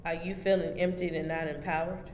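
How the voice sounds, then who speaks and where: A woman's voice: on the low side, little pitch movement, brisk, a little mellow. Woman preaching emphatically in an echoey hall. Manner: emphatic, preachy, direct address to listeners. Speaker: host. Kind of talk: motivational spiritual talk. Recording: echoey hall with faint background noise.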